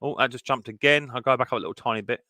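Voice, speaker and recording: A man's voice: mid-range voice, very fast, sharp tone, dry recording. A man hosting a casual live stream chat, greeting viewers one by one and reading their messages aloud.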